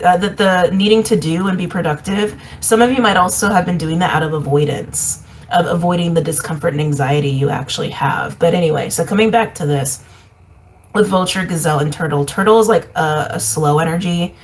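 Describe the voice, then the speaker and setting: Low-voiced woman giving a rambling intuitive reading. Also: poor audio. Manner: meandering, repetitive, reflective with soft laughs. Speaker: intuitive reader. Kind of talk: casual spoken reading.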